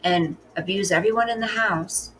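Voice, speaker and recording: A woman's voice: mid-range voice, moderate pace, fairly bright tone, slight background noise, poor audio. A woman hosting a casual reaction commentary, talking bluntly and sarcastically as she scolds the person in the clip. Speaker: commentary host.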